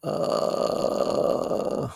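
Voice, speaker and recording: A man hosting a casual livestream, chatting and thanking viewers for their messages. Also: drawn-out words. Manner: chatty and appreciative, thanks viewers warmly and often. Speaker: livestream host.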